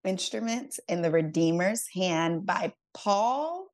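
A woman co-hosting a casual faith podcast over a remote call, playful and quick to laugh. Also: fairly low pitch, animated. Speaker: podcast co-host.

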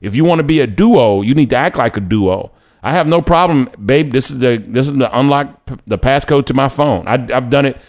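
A young man from Louisiana talks casually about dating in his own show. His voice sits at an ordinary pitch. He is chatty and self-correcting, slipping into quick put-on quotes as he goes. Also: expressive, a little mellow. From Louisiana, United States. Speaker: host. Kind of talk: casual talk on dating and faith.

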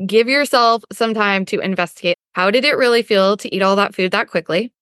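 A woman coach talks through her podcast in a loose, chatty way, full of fillers and little acted-out inner voices. Her voice sits at an ordinary pitch and is recorded close and dry, with no room sound. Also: fairly quick, a bit bright, smooth, dry recording. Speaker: weight loss coach and podcast host. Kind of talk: casual podcast monologue.

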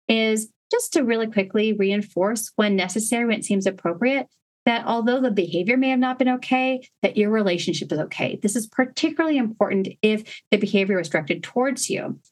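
A woman hosting a parenting podcast, explaining discipline steps in an earnest, step-by-step way with gentle emphasis. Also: mid-range voice. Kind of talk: instructional podcast talk.

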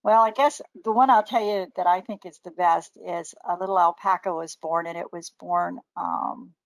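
An older woman, a great-grandmother and naturopathic doctor, casually telling lively anecdotes, laughing often and acting out the voices of people she quotes. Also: fairly low pitch, moderate pace, vocal fry, no echo, poor audio. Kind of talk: casual storytelling.

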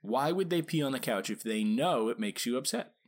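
A man's voice: medium pitch, lively intonation. A man hosting a podcast about dog training, talking casually and asking his listeners rhetorical questions. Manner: conversational, asks rhetorical questions, acts out quick quoted lines.

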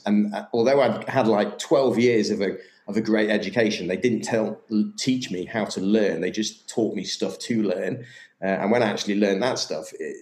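A man's voice: low-pitched, darkish tone. A man in casual conversation, candid and enthusiastic, swearing freely. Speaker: podcast guest, yoga business owner. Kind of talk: casual chat. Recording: roomy echo.

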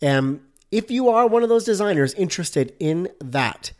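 A man's voice: high voice, lively intonation, moderate pace, a little mellow. A man hosting a casual solo podcast about design, upbeat and chatty, with many fillers.

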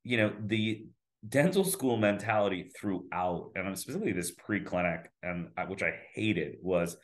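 A dentist in his fifties chatting casually as a guest, telling lively stories and acting out the voices he quotes. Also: low-pitched, moderate pace. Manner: animated storyteller who acts out quoted voices. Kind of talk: casual podcast conversation.

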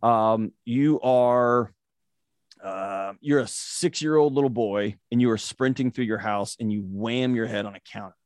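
A man explains in an earnest, storytelling way, leaning on vivid everyday examples. His voice is mid-pitched, and the recording is close and dry. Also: a little slow, darkish tone, no echo. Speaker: guest, mental health expert. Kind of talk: interview answer, explaining.

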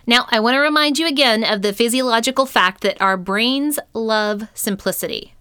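Middle-aged woman, podcast host, earnest and encouraging, higher pitched, smooth and dry. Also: expressive, moderate pace, pushed and bright, dry recording. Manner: earnest, encouraging, with frequent light laughs. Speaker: podcast host and leadership coach. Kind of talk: podcast monologue.

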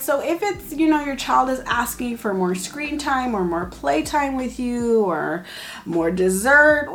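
Woman, slightly high voice, animated direct-to-camera parenting tips, plays out sample parent lines. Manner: animated, acts out parent quotes, frequent "right?". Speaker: parenting educator.

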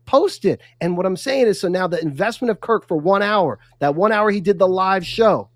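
Man, high voice, fired-up, emphatic, dry close sound. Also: animated, moderate pace, no room sound. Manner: fired-up, emphatic, acts out quotes. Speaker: guest, content consultant. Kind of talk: animated livestream interview.

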